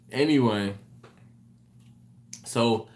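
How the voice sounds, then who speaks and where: Male live stream host, worn out and yawning, slow and rambling, apologizes often as he reads viewer chat. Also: on the high side, warm tone. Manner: rambling, self-correcting, apologetic. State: tired, yawning late at night. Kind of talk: casual live chat reading viewer comments.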